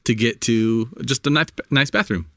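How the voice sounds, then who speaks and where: A man's voice: mid-range voice, normal speed, a bit bright, dry recording, studio quality. A man co-hosting a podcast in casual chat, teasing the others and arguing odd points. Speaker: podcast co-host.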